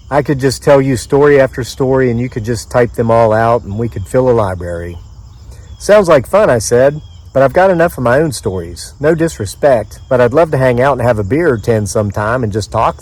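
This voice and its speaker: A man's voice: medium pitch, darkish tone. Man reading his own story in the woods. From mid-Atlantic United States. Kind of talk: reading a story aloud with offhand asides. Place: outdoors in the woods.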